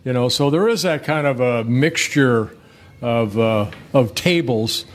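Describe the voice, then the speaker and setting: A man's voice: medium pitch, a little slow. An older man, a former ballplayer, telling rambling, self-correcting stories in a casual interview. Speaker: former pitcher, guest.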